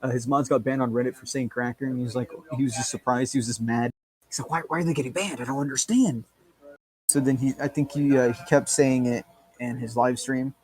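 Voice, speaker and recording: A man's voice: medium pitch, little pitch movement, fairly quick, a little mellow. A man co-hosting a podcast, chatting casually in a rambling, crude, joking way with lots of fillers. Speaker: podcast co-host. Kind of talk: casual chat.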